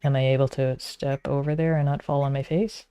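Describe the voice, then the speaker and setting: A woman's voice: a bass voice, level tone, fairly quick, dark tone, smooth. A woman, talking to herself while streaming a frustrating game, muttering and sometimes whispering. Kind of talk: casual gameplay commentary.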